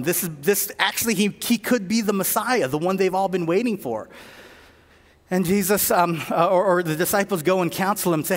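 High-voiced preacher in a reverberant hall. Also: male voice. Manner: storytelling with many restarts and fillers. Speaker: pastor. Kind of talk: sermon.

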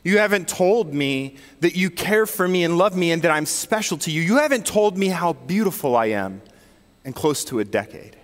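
A man quoting a tearful, hurt wife during a sermon, in a soft, lowered voice. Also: animated, moderate pace, long reverb tail, lightly acted. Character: hurt tearful wife, middle-aged woman.

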